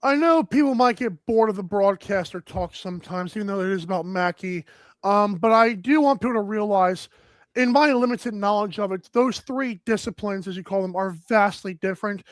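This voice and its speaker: A high-pitched man hosts a live sports talk show with loose, energetic chatter and plenty of "like" and "um". The room is dry and close, with no echo. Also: moderate pace. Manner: energetic, rambling, many fillers.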